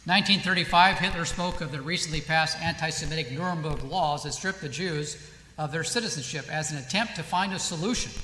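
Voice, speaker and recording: A man delivers a lecture with a bright, forceful voice that sits a little high. He is emphatic and keeps asking rhetorical questions, then answering them himself. The sound comes from a roomy hall with a long reverb tail and a faint hiss underneath. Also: brisk. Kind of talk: lecture with read-out quotations.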